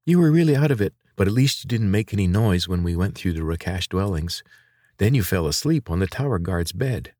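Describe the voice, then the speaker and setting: A man's voice: low voice, expressive, a little fast, darkish tone, no echo, studio quality. A man voicing a sarcastic teenage girl. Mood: brisk, impatient. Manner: blunt, sarcastic, defensive. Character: sharp-tongued teenage girl inventor.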